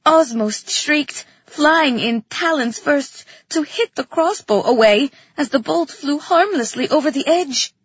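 A woman's voice: sits high, animated, a little slow, hardly any pauses, dry recording, highs cut off. A woman narrating a first-person fantasy story expressively, as in an audiobook.

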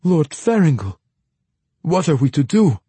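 A man's voice: on the high side, very animated, measured pace, mellow, husky, dry recording, voice pushed up, heavily acted. A man doing a sly, easily rattled young man. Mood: alarmed. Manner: sly, then agitated.

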